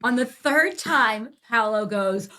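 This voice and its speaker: An American woman tells a backstage story with animated, laughing energy. Her voice is bright and sits fairly high. Her pitch swings widely as she talks. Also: slow. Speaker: theater company executive, former stage manager. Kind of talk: casual podcast storytelling.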